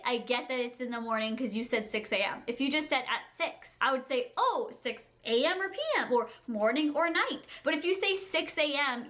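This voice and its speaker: A young woman vlogger ranting casually to camera in a sassy, animated way, often laughing and mimicking people. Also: sits high.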